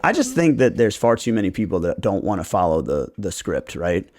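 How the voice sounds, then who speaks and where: A man's voice: low voice, a little fast. Guy on a podcast, swears a lot, acts out his clients mid-story. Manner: animated storyteller who acts out clients' lines, profane. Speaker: real estate agent and podcast host. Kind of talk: casual podcast chat.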